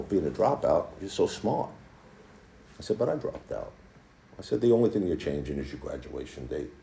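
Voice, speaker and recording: A man in his sixties with a deep, low voice tells his story to a recovery group in a candid, plainspoken way, often stopping to restart a phrase. The sound carries a noticeable room echo. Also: gravelly, dark tone, a little hiss or hum. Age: 60s. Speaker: speaker at a recovery meeting. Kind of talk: personal testimony to a group. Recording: echoey room.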